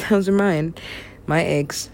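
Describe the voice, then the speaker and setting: Slow gravelly young woman rambling. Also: lowish voice, a little mellow. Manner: rambling, profane, talks to herself, drops to whispers. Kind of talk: rambling solo talk.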